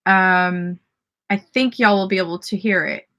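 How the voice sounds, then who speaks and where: Southern lady on a live stream, bright voice, bubbly, reading chat comments out loud. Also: mid-range voice, steady tone, measured pace, muffled recording. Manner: bubbly and upbeat, cheering viewers on.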